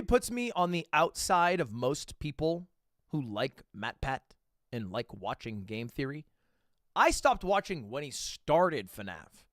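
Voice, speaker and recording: A young man in his twenties talks over a video he is watching on stream. His voice sits a little high and swings widely, from loud outbursts to low asides. The sound is dry and close to the mic. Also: slow pace, no echo. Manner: animated, swearing, jumps between loud outbursts and mutters. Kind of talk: casual reaction commentary.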